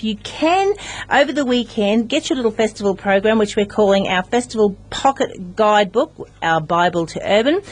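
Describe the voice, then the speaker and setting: A woman hosting local radio from the studio, upbeat and enthusiastic as she presents and interviews. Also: mid-range voice. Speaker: radio host.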